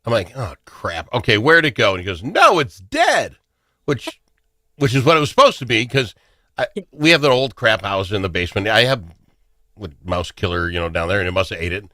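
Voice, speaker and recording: A man's voice: on the low side, fast, no echo, studio quality. A middle-aged man hosting a talk show, telling jokey stories in casual chat. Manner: animated, jokey storytelling. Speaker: radio talk show host.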